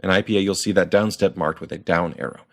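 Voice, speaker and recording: A man explaining pronunciation in a clear, methodical lesson and sounding out example words. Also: low voice, steady tone, quick pace. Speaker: language teacher.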